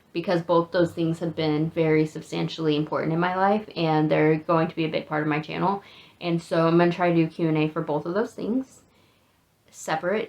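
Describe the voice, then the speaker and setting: A woman in her thirties with an American accent, chatting casually and rambling a little in a self-deprecating get-to-know-me vlog. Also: lowish voice. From United States. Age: 30s. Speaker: vlogger.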